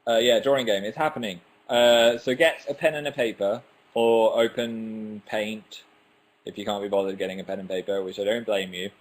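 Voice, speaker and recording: A man's voice: on the low side, fairly even intonation, moderate pace. A young man hosting a casual livestream, chatting and reading out viewer comments, self-mocking and tripping over his words now and then. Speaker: livestream host. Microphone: webcam.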